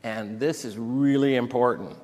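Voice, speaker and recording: A man delivers an emotional sermon, at a middle pitch, moving between scripture readings and heartfelt personal stories. His voice rises in intensity as he reads the passages aloud. A long reverb from the church sanctuary trails after his words. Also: measured pace, a little mellow. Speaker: pastor.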